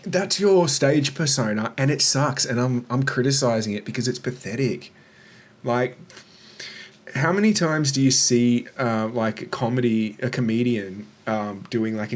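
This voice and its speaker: A man's voice: mid-range voice, unhurried. Blunt, mocking man. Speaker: reaction video host. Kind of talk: sarcastic commentary.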